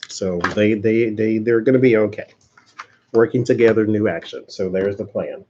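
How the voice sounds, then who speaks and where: A man's voice: lowish voice, steady tone, unhurried, long pauses, warm tone, lo-fi sound, a little hiss or hum. A man hosting a casual live-stream tarot reading, chatting with viewers and laughing often. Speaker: tarot reader and channel host.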